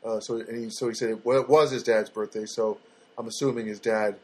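A man chats on his own podcast in a husky, slightly breathy voice. He rambles along loosely, stopping and restarting his sentences and filling the gaps with ums and uhs. It sounds like an easygoing talk recorded at home. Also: lowish voice, fairly even intonation, a little fast, a little mellow. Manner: rambling, loose and chatty with many fillers and restarts. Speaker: podcast host. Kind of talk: casual solo podcast chat. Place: studio apartment.

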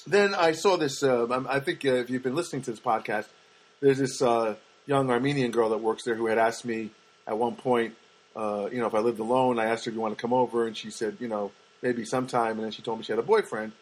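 This Los Angeles podcast host has a medium-pitched voice, captured on a rough recording. In a casual monologue he rambles through stories and acts out the people he quotes.

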